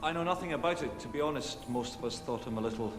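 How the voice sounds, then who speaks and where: An actor playing a hesitant, apologetic Victorian gentleman. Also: medium pitch, fast, long reverb tail, over music, lightly acted.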